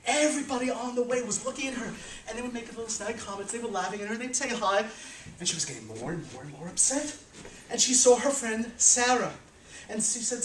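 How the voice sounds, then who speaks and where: A man telling a folk story live to an audience, animated and chuckling. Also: high voice, fairly quick, slight background noise. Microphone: small handheld camera from afar. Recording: roomy, from a distance.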